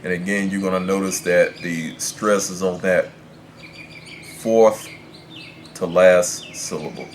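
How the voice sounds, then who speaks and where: A man teaching Spanish pronunciation, explaining grammar to the camera in a measured way, stopping to pick his words. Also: deep voice, steady tone, slight background noise.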